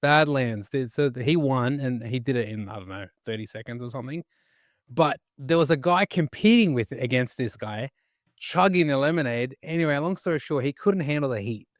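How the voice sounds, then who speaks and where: A man co-hosting a podcast, telling an anecdote excitedly with frequent restarts. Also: mid-range voice, normal speed, no room sound, clean studio sound. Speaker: podcast co-host. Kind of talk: casual anecdote.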